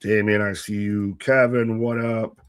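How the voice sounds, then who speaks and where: A man's voice: fairly low pitch, level tone, unhurried, clear, resonant tone, no echo, clean studio sound. A man co-hosting a casual live wrestling stream, joking and reading out viewers' names from the chat. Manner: jokey, reads out chat names and shout-outs. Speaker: co-host of a live wrestling watch-along stream.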